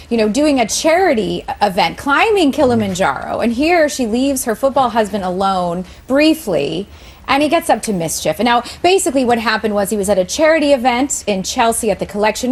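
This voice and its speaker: A woman's voice: medium pitch, slightly rough. A woman showbiz reporter chatting on a morning TV show in a gossipy way, with many fillers.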